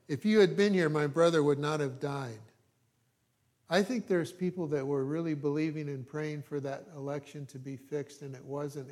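A man preaching, reading scripture aloud with emphasis and breaking off into quiet, conversational asides. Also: fairly high pitch.

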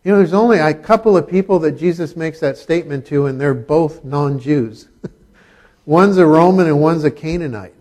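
A man's voice: fairly high pitch, moderate pace, darkish tone. A middle-aged man preaching a sermon, talking in a conversational way with humorous asides. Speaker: pastor.

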